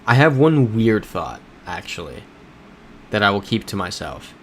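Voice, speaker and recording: Low-voiced man streaming a game. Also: sing-song, measured pace, slight background noise. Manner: chatty, thinking aloud, reading chat. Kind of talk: casual live-stream game commentary.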